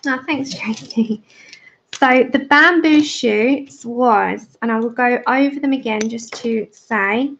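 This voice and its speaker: A woman's voice: fairly high pitch, takes it slowly, a bit bright, slight background noise. A woman hosting a colouring livestream, chatting casually and explaining each step as she works. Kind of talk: casual tutorial chat while colouring. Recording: dull lo-fi livestream audio.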